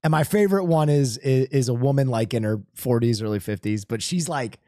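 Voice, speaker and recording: A man's voice: medium pitch, fairly quick, warm tone, dry recording, clean studio sound. A man streaming, telling a story in casual chat, self-mocking and swearing often.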